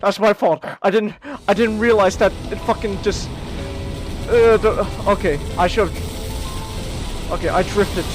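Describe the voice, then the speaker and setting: A man's voice: high voice, a little slow, pauses often, over music. A man streaming a game, chatting casually and yelping and laughing as he plays. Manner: excitable, yelps and laughs at the game. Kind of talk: casual gaming stream chat.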